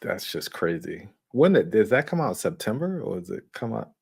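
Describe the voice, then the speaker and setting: Rambling lower-voiced male guest. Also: very animated, brisk, creaky, a little mellow, slightly rough. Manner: rambling, many fillers and restarts. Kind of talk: casual live show chat.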